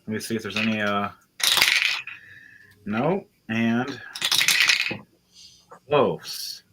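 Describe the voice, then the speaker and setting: A man's voice: fairly low pitch, drawn-out words, very noisy. A man narrating as game master in a casual, chatty way, laughing often.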